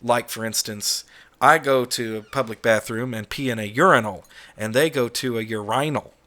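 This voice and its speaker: A middle-aged American man speaks in a bright, pushing voice, laying out blunt opinions in a casual solo vlog. He swears freely and talks straight to the camera. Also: mid-range voice, fairly even intonation, moderate pace. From United States. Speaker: YouTube channel host.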